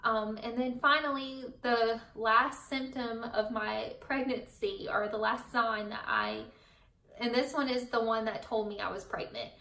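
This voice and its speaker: A young mother talks to her viewers in a loose, rambling chat, full of fillers and little laughs. Her voice is fairly high and bright. It sits back from the mic in a room with a noticeable echo. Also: fairly even intonation, unhurried, vocal fry, recorded from a distance. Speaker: vlogger, mother. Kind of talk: casual chat to camera.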